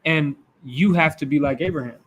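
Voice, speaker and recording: Male Bible teacher, young adult, fairly high voice, lively and casual, slips into acted voices. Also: fairly quick, breathy edge. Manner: animated, acts out quoted voices.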